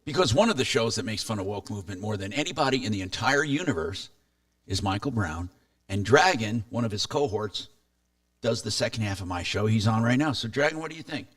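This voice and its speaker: Talk radio host, male, lively and chatty, lowish voice, dry studio sound a bit off-mic. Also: a little fast, no echo, far from the mic. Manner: animated, chatty, reads listener texts aloud. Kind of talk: casual talk radio chat.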